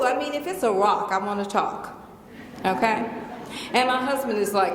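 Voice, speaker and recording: A woman's voice: on the high side, moderate pace, a little hiss or hum. Emphatic Southern woman in an echoey hall. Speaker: guest lecturer. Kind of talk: lecture Q&A. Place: large lecture hall. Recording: echoey hall with long reverb.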